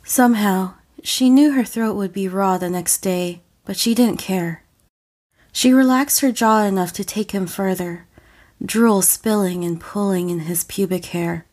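A woman reading an audio story as a narrator, slow and deliberate. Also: mid-range voice, darkish tone. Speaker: audiofic reader.

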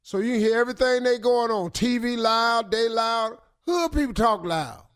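A man giving comic advice on a radio show, acting out loud neighbors in playful shouted bits. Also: very high-pitched, normal speed, smooth. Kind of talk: comedic advice talk.

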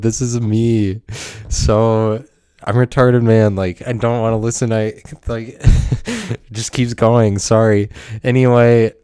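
A man talks alone into a podcast mic, wandering from thought to thought, mocking himself and swearing freely. His voice is low, dark and smooth. The sound is dry and close. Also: no room sound. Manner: self-mocking, rambling, laughs often; swears a lot. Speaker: podcast host. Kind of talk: rambling solo podcast monologue.

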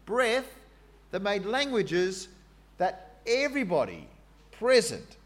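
A man preaching a sermon in an animated, conversational way, with fillers and asides. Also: medium pitch.

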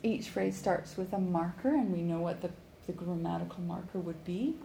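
A woman teaching a conversation class, explaining in lively bursts and acting out listener reactions, in an echoey room. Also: lowish voice, moderate pace, gravelly. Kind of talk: classroom coaching. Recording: echoey room with faint background noise.

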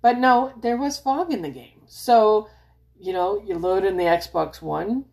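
Chatty, excitable woman gamer. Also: mid-range voice, unhurried, vocal fry. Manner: chatty, excitable, self-correcting, acts out her own reactions. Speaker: gamer vlogger. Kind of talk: casual chat.

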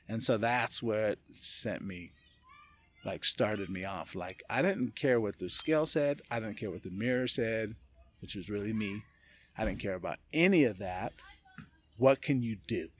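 An animated man talks with a podcast host, telling stories with plenty of laughter and the odd swear word. His voice sits in a middle register, and his talk stays loose and conversational. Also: mid-range voice, moderate pace. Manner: animated, laughing storyteller who swears casually. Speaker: podcast guest. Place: indoors, casual setting with a beer.

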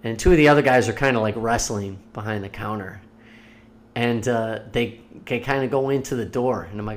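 A man on a podcast spinning casual stories, swearing freely and jumping into voices for the people he quotes. His delivery swings between low mutters and loud, excited bursts. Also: a little fast, a little hiss or hum. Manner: animated, profane storyteller who acts out quotes. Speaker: podcast co-host. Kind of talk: casual storytelling chat.

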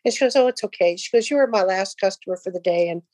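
A woman's voice: medium pitch, fast talker, a little mellow, dry recording, low-quality recording. An older woman casually telling a personal faith story, rambling with restarts and acting out the dialogue. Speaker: guest sharing a testimony.

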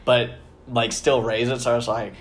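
Very deep-voiced woman podcast host. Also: level tone, normal speed, a loud crowd. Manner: playful, chatty, laughs often. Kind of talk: casual podcast chat.

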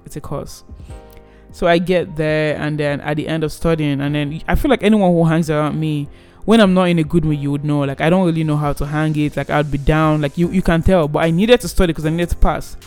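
A young man in his twenties casually telling a personal story, animated and rambling with many restarts. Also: a little high, a little fast, clear, resonant tone, soft background music.

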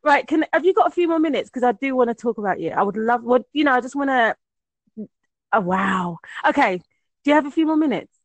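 A woman with a higher voice hosts a podcast over a remote call. She is effusive and chatty, gushing as she talks. Her voice sounds dry and close. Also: lively intonation, fast talker, no echo. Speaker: podcast host. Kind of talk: casual interview conversation.

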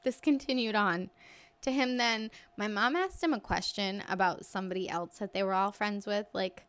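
A woman's voice: medium pitch, normal speed, a bit bright, clean tone, no echo. A woman co-hosting a podcast, telling a story in casual chat and acting out the people in it. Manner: storytelling with laughs, acting out others. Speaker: podcast co-host.

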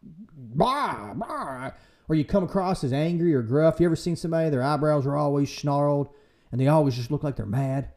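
A man hosting a casual church podcast, talking in a lively way and acting out quoted voices for humor. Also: fairly high pitch, fast. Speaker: podcast host and church leader. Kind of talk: casual faith discussion.

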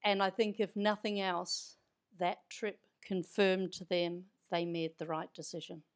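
A woman's voice: lowish voice, level tone, measured pace. Chatty Kiwi woman, Irish-tinged. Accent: New Zealand with Irish tinge. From New Zealand. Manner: chatty, anecdotal, easy laughter. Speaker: guest. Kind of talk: conversational storytelling.

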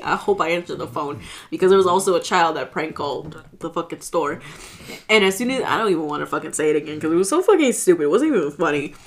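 A young woman co-hosting a casual podcast, blunt and quick to swear. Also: fairly low pitch. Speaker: podcast co-host. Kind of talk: casual chat.

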